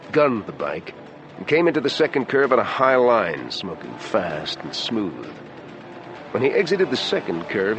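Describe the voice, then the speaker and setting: A man reading a thriller audiobook in a taut, dramatic storytelling manner. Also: fairly low pitch. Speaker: audiobook narrator. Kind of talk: scripted thriller narration.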